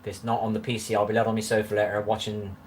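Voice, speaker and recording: A man's voice: fairly low pitch, completely flat delivery, racing, a little hiss or hum. A man in his forties with a strong West Country accent, chatting casually on a home livestream and rambling as he answers viewers' comments. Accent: West Country English. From England. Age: 40s. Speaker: livestream host. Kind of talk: casual live-stream chat. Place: room at home.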